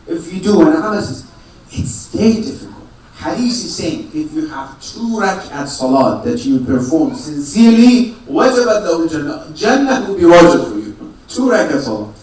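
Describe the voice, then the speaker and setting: A man's voice: on the high side, darkish tone, slight background noise. A man giving a religious sermon to a congregation, asking rhetorical questions, answering them himself and repeating key phrases. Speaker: preacher. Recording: echoey hall, mic far off.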